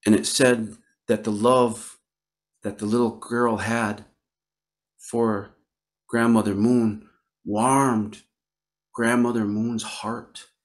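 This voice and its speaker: A man from Northern Wisconsin telling a traditional story aloud, slow and gentle, with repetitions and pauses. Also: fairly low pitch, little pitch movement. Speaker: Ojibwe storyteller. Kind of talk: oral storytelling. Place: online virtual event.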